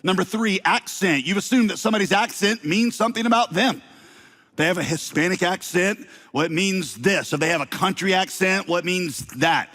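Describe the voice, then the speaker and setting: Southern-tinged pastor preaching with playful asides. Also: male voice, high voice, normal speed, a bit bright. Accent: slight Southern US. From Southern United States. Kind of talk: sermon.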